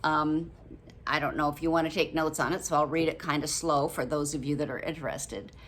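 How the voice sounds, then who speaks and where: A woman's voice: deep voice, steady tone, fairly quick, a little hiss or hum. A woman in her late seventies chatting casually to her viewers about a book, rambling a little, with many ums and frequent laughs. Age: 70s. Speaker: vlogger reviewing a book. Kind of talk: casual chat to camera.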